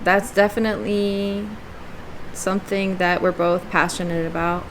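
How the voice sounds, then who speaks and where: A woman co-hosting a podcast talks in an unhurried, relaxed way, weighing her words and laughing now and then. She fills her speech with casual "like"s as she thinks aloud. A faint noise sits behind her voice. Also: mid-range voice. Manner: thoughtful, frequent "like", laughs often. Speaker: podcast co-host. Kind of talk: casual chat.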